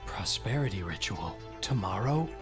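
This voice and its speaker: A man's voice: fairly low pitch, lively intonation, normal speed, close to an everyday voice. A man voicing a brooding young hedgehog hero. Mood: suspicious. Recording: game audio from afar under music.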